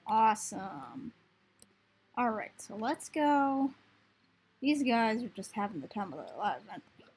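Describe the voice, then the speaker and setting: A young woman talks casually through a video game with a high voice. She often slips into cooing baby talk at the creatures on screen, and a faint hiss sits under her voice. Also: sing-song, measured pace. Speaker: gaming video host. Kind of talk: casual gameplay commentary.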